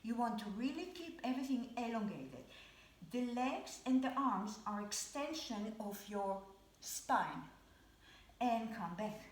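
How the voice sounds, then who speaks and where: A woman leading a Pilates class at home, cueing each movement with calm, repeated counts. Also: on the high side, unhurried, roomy sound. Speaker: Pilates instructor. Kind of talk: live exercise class instruction.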